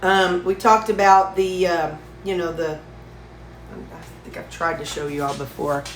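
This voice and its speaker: A woman's voice: on the low side, flat delivery, unhurried, slight background noise. A woman vlogging casually from her home kitchen, rambling along with plenty of fillers and restarts. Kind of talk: casual chatty diet vlog. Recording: echoey kitchen with dish clatter.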